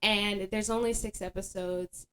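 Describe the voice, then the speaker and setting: A young adult woman hosting a podcast, chatting casually in a rambling, animated way full of fillers. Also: medium pitch, a little slow, a little hiss or hum. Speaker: podcast host. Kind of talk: casual chat.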